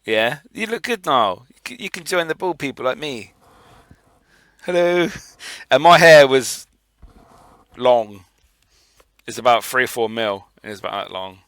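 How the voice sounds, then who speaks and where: A man with a bright, forceful voice on a dry, close sound. He co-hosts a podcast in playful banter and laughs often. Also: medium pitch, expressive, a little slow, pauses often, no echo. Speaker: podcast co-host. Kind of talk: casual banter.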